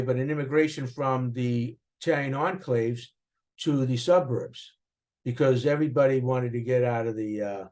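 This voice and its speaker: An older man with a Boston accent recalling his upbringing in an interview, animated and rambling, with frequent restarts. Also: mid-range voice. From Boston area, USA. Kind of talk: reflective interview recollection.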